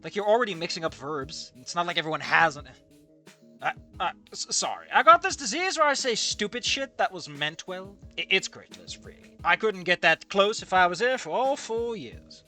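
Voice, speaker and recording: Animated man ranting over a fan story. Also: high voice, moderate pace, faint music behind. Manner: animated, ranting, swears, stammering restarts. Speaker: fan fiction reader and commentator. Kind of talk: reading fan fiction aloud with commentary.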